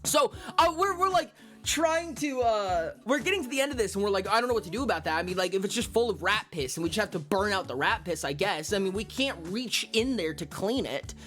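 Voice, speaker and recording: A man telling a story in casual stream chat, animated and profane, with lots of exclamations. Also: sits high, brisk. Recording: faint music in background.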